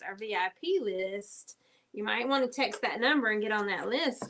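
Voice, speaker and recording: A woman's voice: on the high side, sharp tone. Brief: woman, live-stream craft host, chatty and direct with viewers. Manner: chatty, talks straight to viewers while working. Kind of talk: casual live-stream chat.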